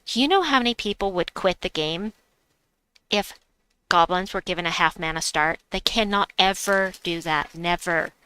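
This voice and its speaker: Bright, crisp-voiced woman streamer. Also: fairly low pitch, moderate pace. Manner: chatty, giggly, self-mocking. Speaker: livestream gamer host. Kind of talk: casual live-stream chat, reading chat aloud.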